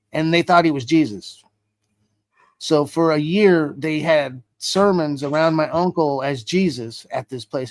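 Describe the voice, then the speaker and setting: A man's voice: on the high side, no room sound. A man, a guest on an interview show, telling a story with constant swearing and acting out the dialogue. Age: adult. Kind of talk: casual storytelling.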